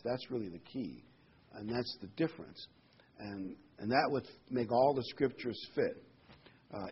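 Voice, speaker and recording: A man's voice: mid-range voice, breathy edge. A man pastor giving a conversational sermon, asking rhetorical questions and adding fillers. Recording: slightly dull recording with faint noise.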